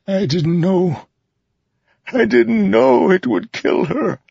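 A man voicing a frightened old male shoemaker who speaks gently and pleads with a trembling voice. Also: high-pitched, animated, slow pace, gravelly, breathy edge, no room sound, dull audio, pitched above the performer's own voice, heavily acted. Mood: pleading.

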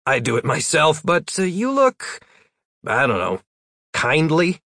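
A man reads a practical male wizard in a storybook, plain and wry. The voice is gravelly and the recording close and dry. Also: a little high, sing-song, a little slow, bright, forceful tone, no room sound, pitched above the performer's own voice, full character voice.

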